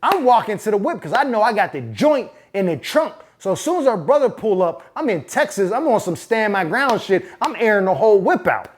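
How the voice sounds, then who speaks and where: A man hosting his own channel, telling a personal story in a casual, profane, animated way. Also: sits high, a little fast, few pauses. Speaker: host. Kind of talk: storytelling monologue.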